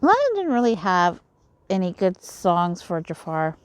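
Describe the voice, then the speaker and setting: A woman's voice: on the low side, wildly swooping pitch, moderate pace, clean tone, no room sound. A young woman giving casual commentary while playing a story game, chatty and giggly, swearing casually. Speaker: game player reading aloud. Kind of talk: casual let's-play commentary.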